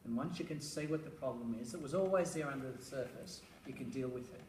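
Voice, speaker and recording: A man's voice: mid-range voice, fast talker, darkish tone. Guy, middle aged, telling stories in a talk, chuckly, far off mic, echoey noisy room. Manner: storytelling, chuckles, rhetorical asides. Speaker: speaker on parenting, school educator. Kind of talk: public talk with anecdotes. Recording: roomy, distant, noisy room recording.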